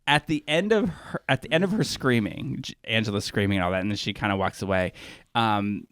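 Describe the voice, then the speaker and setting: Rambling through casual conversation with plenty of restarts, this podcast co-host has a lowish, fairly bright voice and talks a little fast. The recording is studio quality with no echo.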